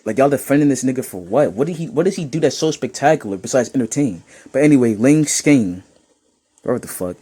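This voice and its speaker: Young dude from new york roasting comments, laughs a lot, kinda husky. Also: male voice, mid-range voice, brisk. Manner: laughing, mocking, animated rants. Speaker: YouTuber reading comments. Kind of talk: casual commentary reading comments.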